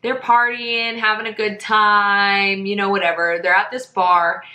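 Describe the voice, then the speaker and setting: Woman podcast host, animated and breezy storyteller, bright voice, roomy echo. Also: mid-range voice, measured pace. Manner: animated, chatty, laughs often, says "whatever". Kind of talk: casual storytelling monologue.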